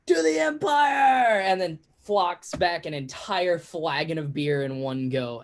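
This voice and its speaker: Casual tabletop game master narrating. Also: medium pitch. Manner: casual storytelling with quick asides.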